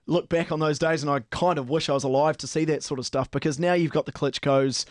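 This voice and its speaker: A man's voice: fairly high pitch, fairly even intonation, fast, dry recording, studio quality. A man co-hosting sports talk, earnest with hesitant restarts. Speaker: radio sports co-host. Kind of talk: casual sports banter.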